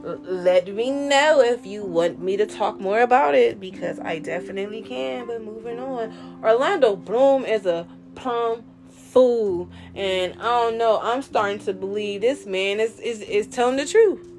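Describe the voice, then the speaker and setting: A woman hosting a casual commentary chat, animated and slangy, ranting and mocking people in quoted voices. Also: a little high, a little slow, soft background music. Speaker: host.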